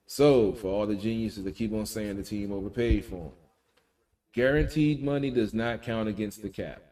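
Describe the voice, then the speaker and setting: A man's voice: on the low side, normal speed, dark tone, far from the mic. A man co-hosting a casual talk radio show, breaking down football news in an emphatic, slangy way.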